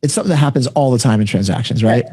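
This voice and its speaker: Fast-talking man hosting a podcast. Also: medium pitch, dark tone, slightly rough, no echo, studio quality. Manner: brisk, explanatory, frequent "right?" check-ins. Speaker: podcast host. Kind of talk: conversational interview.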